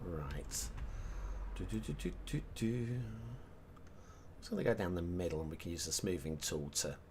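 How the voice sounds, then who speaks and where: A man's voice: low-pitched, expressive, normal speed, darkish tone, a little hiss or hum. A man chatting casually on a live game stream, rambling between topics and humming to himself as he works. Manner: rambling, hums and mutters to himself while working. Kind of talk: casual live-stream chat while map making.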